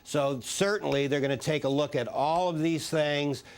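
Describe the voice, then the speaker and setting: Measured, hesitant man being interviewed. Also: a little high. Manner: measured, hesitant with frequent uh fillers. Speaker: former space agency official as studio guest. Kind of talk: live TV news interview.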